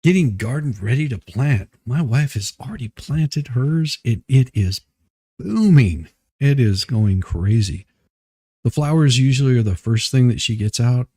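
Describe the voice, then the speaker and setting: Male stream host, dark, gravelly, out of breath, rambling and self-mocking. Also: medium pitch, animated, a little slow, no room sound. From Southeast Michigan, US. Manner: rambling, self-deprecating, greets chat viewers by name. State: a little out of breath. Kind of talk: casual live-stream chat.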